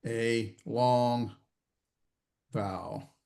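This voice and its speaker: A man teaching a grammar class, quizzing students and talking haltingly with many fillers and restarts. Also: mid-range voice, steady tone, gravelly, mellow. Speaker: Hebrew grammar instructor. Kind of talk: classroom lecture with student questions. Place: classroom or online class session.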